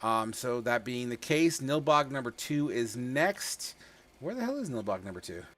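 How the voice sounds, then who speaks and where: A man's voice: medium pitch, big pitch swings, normal speed, fairly bright tone. A man running a tabletop game as game master, joking and swearing loosely as he narrates.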